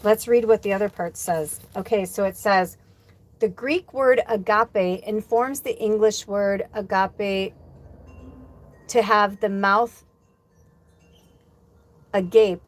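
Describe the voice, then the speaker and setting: A woman's voice: medium pitch, fairly even intonation, slow, pauses often. A woman spiritual medium talks casually on a livestream, loose and rambling, with the odd curse word. She reads viewer comments aloud and mulls over them as she goes. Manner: chatty storyteller, acts out quoted dialogue.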